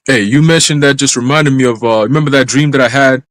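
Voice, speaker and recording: A man in a live church stream telling a dream as testimony, in brisk street slang with some cursing. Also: mid-range voice, fairly bright tone, dry recording, low-quality recording. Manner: brisk storytelling full of street slang and profanity. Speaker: church minister.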